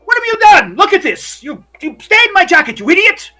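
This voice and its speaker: A man voicing an arrogant wealthy man who shouts insults in a high, strained voice. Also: sing-song, measured pace, recorded from a distance, soft background music, exaggerated voice. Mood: outraged. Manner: shouting, haughty. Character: arrogant angry rich man in silk suit.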